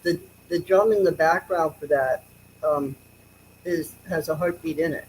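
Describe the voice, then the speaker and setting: A male musician speaking as a guest in a casual interview, halting and restarting his words often. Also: a little high, a little hiss or hum, low-quality recording.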